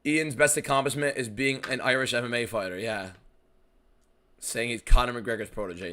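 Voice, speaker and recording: A man's voice: medium pitch, fairly even intonation, moderate pace, sharp tone. An American man hosting a fight watchalong stream, answering viewer questions in blunt, casual chat with a fair bit of swearing. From United States.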